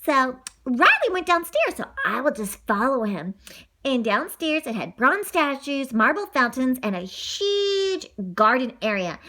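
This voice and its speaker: A woman telling a children's story in an improvised, halting, giggly way. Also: high voice, sharp tone.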